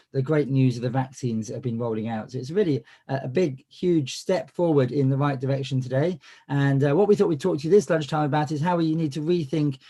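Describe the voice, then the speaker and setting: A man's voice: medium pitch, mellow. A man with a cold and a cough, hosting a business coaching webinar in a chatty style full of fillers and restarts. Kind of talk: live webinar presentation.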